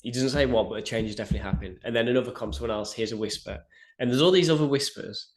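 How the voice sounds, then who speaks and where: Fast-talking podcast host. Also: male voice, mid-range voice. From Britain. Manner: quick, animated storytelling with swearing and filler "like". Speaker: powerlifting coach and podcast co-host. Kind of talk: casual podcast chat.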